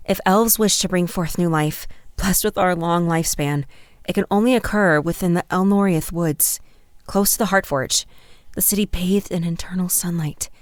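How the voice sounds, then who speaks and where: A woman voicing a composed elven woman general, calm and gently amused, in an audiobook reading. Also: on the low side, normal speed, no room sound, clean studio sound, close to an everyday voice. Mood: warm.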